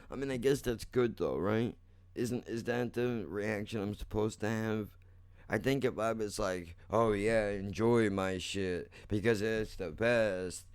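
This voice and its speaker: A man's voice: fairly low pitch, darkish tone, clear, resonant tone. A young man hosting a casual solo podcast, rambling and self-mocking, swearing often and calling the listener "dude.". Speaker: podcast host.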